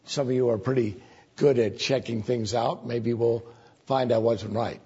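A man with a gravelly, husky, slightly high voice preaches in a folksy, chatty style, often rising sharply for emphasis. His tone is steady and warm and his pace unhurried, though the muffled, lo-fi sound suggests an old church tape.

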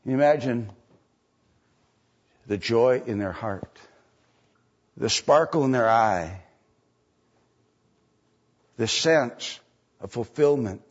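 A man with a medium-pitched, slightly rough voice preaches as a pastor, repeating lines and putting rhetorical questions to the congregation. It's a sermon, captured on a dull lo-fi recording.

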